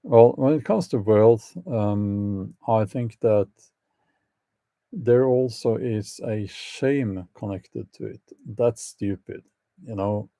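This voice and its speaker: In a relaxed live chat, a channel host replies to viewers with many fillers and much hesitation, mixing in wry opinions and frequent laughter. He speaks slowly in a fairly low, mellow, gravelly voice, with no echo.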